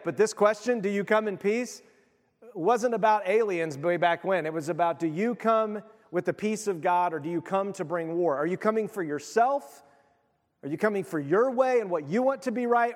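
A man with a fairly high voice preaches a sermon in a relaxed, conversational style. He breaks off and restarts his sentences as he goes. The sound carries a long reverb from a church hall. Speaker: pastor.

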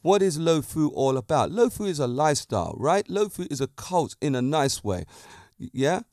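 A man's voice: on the high side, sing-song, normal speed, darkish tone, no echo, clean studio sound. Upbeat man hosting a podcast. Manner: upbeat and preachy, tells jokes, laughs often. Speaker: fitness podcast host. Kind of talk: motivational podcast monologue.

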